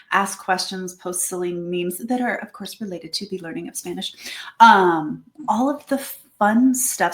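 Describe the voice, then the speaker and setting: A woman giving a casual presentation to a networking group about her language school, lively and chatty, acting out little quoted exchanges. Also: medium pitch. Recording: echoey room.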